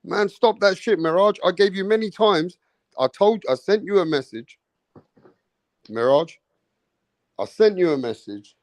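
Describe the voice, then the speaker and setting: A man's voice: high-pitched, lively intonation, a little slow, long pauses, no room sound. A man hosting a live boxing talk stream, blunt and swearing, teasing a chat member.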